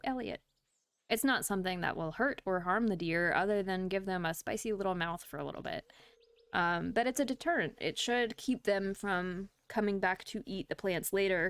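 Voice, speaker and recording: A woman streamer with a mid-range, clean voice and no room sound chats casually while playing a farming game. She rambles and laughs often, all while she has the hiccups.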